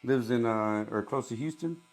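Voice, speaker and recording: A man's voice: medium pitch, normal speed. A man in his thirties, a military veteran guest, telling stories casually with slang, cursing and laughter. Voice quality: gravelly. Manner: slangy, profane, laughs often. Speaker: podcast guest, Marine veteran and barber. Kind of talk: casual storytelling.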